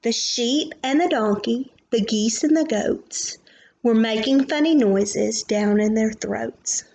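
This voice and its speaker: Slow, gentle woman reading a picture book. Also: on the high side. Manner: gentle and slow, asking children questions and pointing at pictures. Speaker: preschool teacher reading aloud. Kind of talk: picture-book read-aloud for young children.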